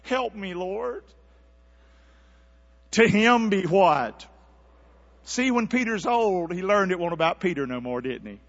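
A man preaching a sermon, calling out to the congregation and swinging from near-whispers to shouts. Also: high voice, animated, normal speed, big-room sound, lo-fi sound. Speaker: pastor. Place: church sanctuary.

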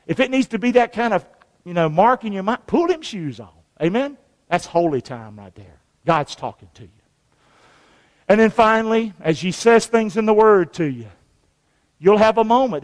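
A man's voice: high voice, long reverb tail. A man, a pastor preaching a sermon with call-and-response to his congregation. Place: church sanctuary.

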